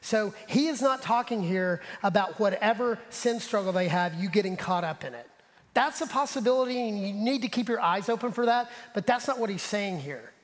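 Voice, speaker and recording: Male pastor, high voice, animated sermon delivery, long hall reverb behind him. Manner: animated preaching, drops to soft asides; talks straight to the congregation. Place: church sanctuary.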